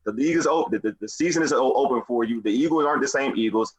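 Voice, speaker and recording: Male podcast guest, passionate and emphatic, rapid husky delivery. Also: mid-range voice, poor audio. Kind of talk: casual sports podcast chat.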